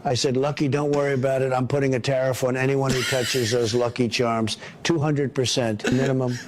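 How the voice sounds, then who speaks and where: Comedic sketch: man doing a bragging, rambling president, deadpan superlatives, mid-range voice. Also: medium pitch, a little fast, lightly acted. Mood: boastful. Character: boastful rambling male president, self-praising.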